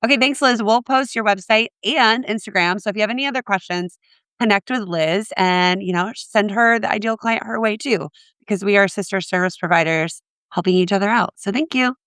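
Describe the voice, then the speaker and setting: A woman hosting a podcast with a raspy voice, chatty and upbeat as she wraps up and promotes her community. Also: mid-range voice, brisk, fairly bright tone, no room sound, clean studio sound. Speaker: podcast host. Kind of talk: casual podcast talk and outro.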